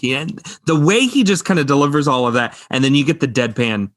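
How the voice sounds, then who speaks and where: A man's voice: medium pitch, lively intonation, quick pace, few pauses, no room sound. A man co-hosting a casual movie podcast, eagerly quoting favorite film lines. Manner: enthusiastic, quotes film lines. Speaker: podcast co-host. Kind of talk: casual movie review chat.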